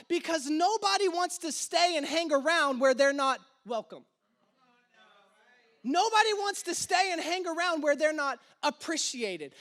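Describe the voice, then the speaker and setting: Male pastor, high voice, casual storyteller who punches key lines. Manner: casual storytelling, animated emphasis. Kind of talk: sermon.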